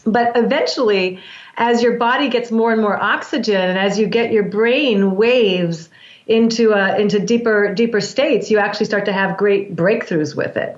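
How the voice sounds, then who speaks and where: A woman with a slightly high voice speaks unhurriedly as a guest on an interview show, heard in a roomy, dull lo-fi recording. A breath work practitioner, she explains her practice earnestly and in a teaching manner, restarting frequently.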